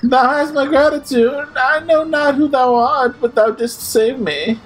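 A man's voice: very high-pitched, measured pace, soft background music, voice pushed up, low-quality recording. A man reading a frightened villager's game lines in hammy archaic speech. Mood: pleading.

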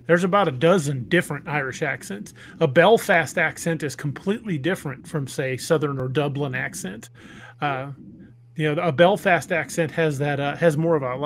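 A man's voice: on the high side, a little hiss or hum. A man hosting a podcast, chatting enthusiastically and explaining at length. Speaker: podcast host and author. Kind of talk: casual chat.

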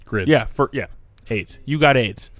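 A man's voice: medium pitch, unhurried, no echo. A man co-hosting a podcast, trading crude, teasing banter. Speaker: podcast co-host. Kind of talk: casual banter.

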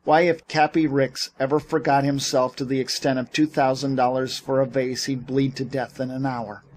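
A man reading as a blunt sea captain who scoffs at wild schemes. The voice sits at an ordinary middle pitch, read from a storybook. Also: flat delivery, moderate pace, darkish tone, slight background noise, natural voice. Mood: scoffing.

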